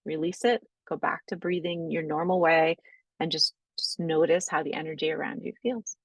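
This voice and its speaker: A woman teaching breathwork, guiding slow breathing exercises in a gentle, unhurried way, often checking in with "right?". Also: deep voice, little pitch movement, no echo, low-quality recording. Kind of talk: guided breathing instruction.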